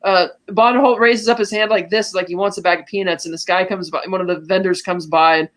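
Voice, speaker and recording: A woman co-hosting a podcast, recapping a film plot in casual chat and acting out quick quotes as she goes. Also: mid-range voice. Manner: animated storytelling with quick acted-out quotes. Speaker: podcast co-host.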